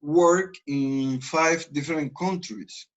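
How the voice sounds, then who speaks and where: A man with a Spanish accent teaching English, explaining grammar and slowly modeling example sentences. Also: a little high, highs cut off. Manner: switches between languages, slow deliberate model sentences. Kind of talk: online class, explaining grammar.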